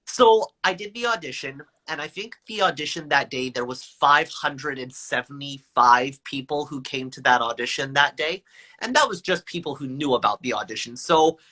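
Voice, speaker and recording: A man in his twenties, a guest telling stories in a live video chat with high energy and a playful, self-mocking manner. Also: lively intonation, normal speed, sharp tone.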